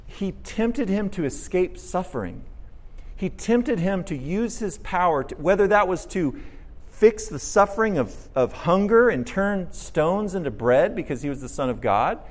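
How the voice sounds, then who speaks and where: A pastor delivers a sermon with a lively, swinging voice that sits a little high for a man. He throws questions at his listeners and acts out the words of the people he quotes. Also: normal speed. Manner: animated preaching, asks the audience questions, acts out quotes.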